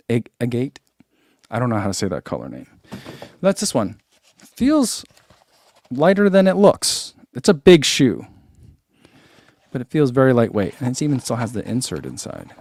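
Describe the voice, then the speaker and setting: A man's voice: mid-range voice, darkish tone, no echo, clean studio sound. A man who reviews running shoes, chatting casually through an unboxing and thinking aloud with lots of fillers.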